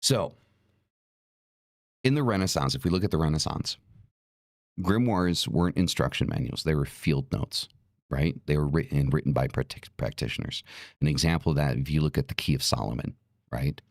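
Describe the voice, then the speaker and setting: Man, very low voice, dry close sound, blunt, profane, heated, repetitive. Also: moderate pace, gravelly, long pauses, no echo. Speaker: podcast host. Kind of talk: profane ranting talk.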